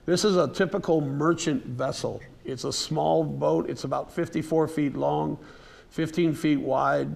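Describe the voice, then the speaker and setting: A man giving a casual, unscripted museum lecture, telling a story in a folksy way with fillers and restarts and now and then clearing his throat. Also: a little high, fairly even intonation, measured pace, darkish tone. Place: museum presentation room.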